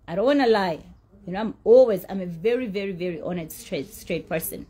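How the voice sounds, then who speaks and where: A woman's voice: mid-range voice, animated, brisk, dark tone, slightly rough. A woman telling her side of a dispute in a blunt, profane, indignant rant. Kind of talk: heated storytelling rant.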